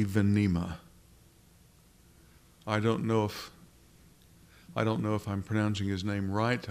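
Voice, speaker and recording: A pastor preaching a sermon in a conversational way, often restarting phrases and asking rhetorical questions. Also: male voice, lowish voice.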